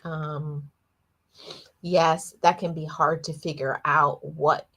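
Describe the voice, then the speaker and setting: Reflecting on her own life during a livestream, this adult host, who lost her father eighteen years ago, speaks earnestly and slowly. Her delivery is flat and low-pitched yet a bit bright, with frequent repeated words and restarted sentences.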